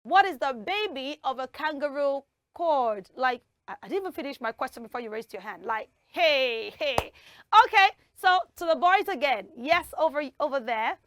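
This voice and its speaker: A woman hosting a children's TV quiz show, bubbly and encouraging, heaping praise on the kids and drawing words out slowly when teaching. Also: sits high, lively intonation, fairly bright tone. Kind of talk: lively hosting of a kids' quiz in front of a school audience.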